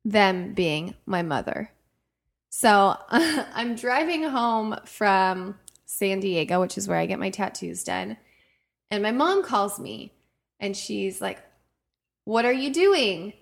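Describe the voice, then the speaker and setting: Young woman chatting, tells stories animated, acts out the voices. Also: medium pitch, takes it slowly, creaky. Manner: animated storyteller who acts out voices in her anecdotes. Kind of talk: casual chat.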